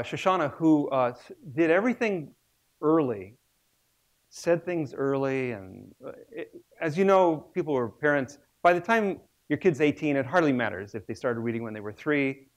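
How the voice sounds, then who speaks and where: A man in his sixties, a research biologist, giving a public lecture with humorous storytelling. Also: mid-range voice.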